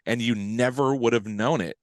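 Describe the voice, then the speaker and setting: A man hosting a sports podcast, telling stories in a lively, casual way with bits of slang. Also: mid-range voice, normal speed, no room sound. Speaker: podcast host.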